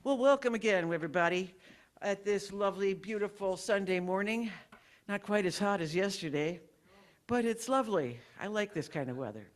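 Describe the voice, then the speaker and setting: A woman's voice: medium pitch, expressive, normal speed. A woman giving friendly, rambling church announcements as board president, often stopping to correct herself.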